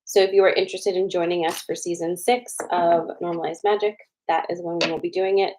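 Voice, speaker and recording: A young adult woman hosting a casual livestream, chatting with viewers, greeting them by name and slowly repeating their choices before a card reading. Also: on the low side, level tone, a little mellow, poor audio.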